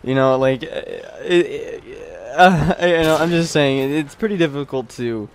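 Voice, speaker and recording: A young man in his twenties doing casual, rambling video game commentary, chatty and quick to laugh. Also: fairly high pitch, slight background noise. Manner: rambling, chatty, laughs often, many restarts. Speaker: gameplay commentator.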